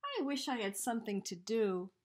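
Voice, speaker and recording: A woman reading a storybook aloud, voicing a sly, greedy male spider trickster in a high, teasing voice. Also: big pitch swings, normal speed, a little mellow. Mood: playful.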